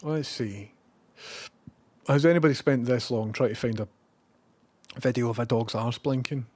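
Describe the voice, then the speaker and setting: A Scottish man chatting casually on a live stream. He rambles, swears freely and now and then bursts out loudly. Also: medium pitch, moderate pace, no room sound. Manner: rambling and profane, with bursts of loud excitement.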